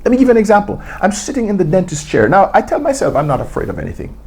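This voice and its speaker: A man's voice: sits high, huge pitch swings, very fast, gravelly, dark tone, slight background noise. A man telling stories as an interview guest, acting out quotes and laughing often. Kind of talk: storytelling interview.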